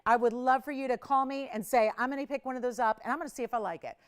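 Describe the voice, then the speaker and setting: Smooth-voiced woman hosting a live sales pitch. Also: fairly even intonation, racing. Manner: urgent, pushy countdown pitching; chatty and confiding. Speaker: shopping channel host.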